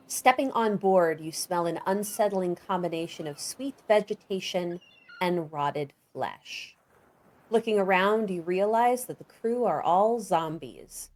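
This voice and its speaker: A woman game master narrating and setting scenes for a tabletop game. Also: fairly low pitch.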